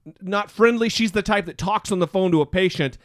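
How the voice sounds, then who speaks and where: A man co-hosting a podcast in casual chat, his voice hoarse from illness, telling stories animatedly and swearing freely. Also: sits high, a little fast, no echo, studio quality. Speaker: podcast co-host.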